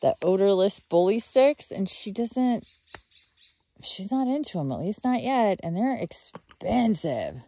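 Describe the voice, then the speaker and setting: A woman's voice: medium pitch, expressive, a little slow, mellow. A woman vlogging outdoors while walking her dog, chatting in a rambling way with fillers and slipping into sing-song baby talk for the dog. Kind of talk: casual video diary chat.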